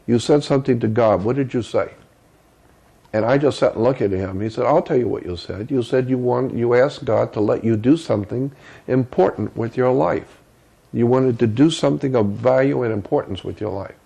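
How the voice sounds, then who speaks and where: An older man with a gravelly, mellow voice recounts a memory from his own life in an interview. He speaks earnestly and breaks off to repeat words as he searches for them. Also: mid-range voice. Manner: earnest, with halting repetitions. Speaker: interview guest. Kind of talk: first-person storytelling.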